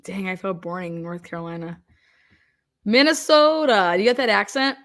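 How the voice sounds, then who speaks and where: A young woman hosting a casual livestream, chatting and reacting quickly as she reads out where viewers are from. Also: mid-range voice, fairly bright tone. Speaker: livestream host.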